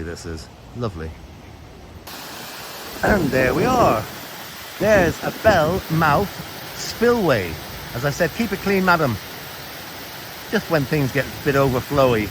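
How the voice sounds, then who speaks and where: Walking through a town park on a tour, an Englishman chats to viewers in a jokey, rambling way, filming on a handheld camera as he goes. His voice is medium in pitch, with background noise in the recording.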